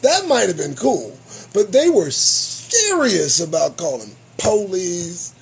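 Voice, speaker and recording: A man's voice: fairly high pitch, slow pace, creaky, a little hiss or hum. A man hosting his own show, giving profane, sarcastic commentary on the news. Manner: animated, swearing, sarcastic. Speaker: show host.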